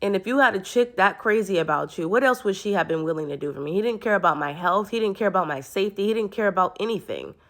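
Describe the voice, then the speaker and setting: A woman's voice: mid-range voice, animated, fast, few pauses. A woman telling a personal story to camera in an earnest, rambling way, often restarting her sentences. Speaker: vlogger.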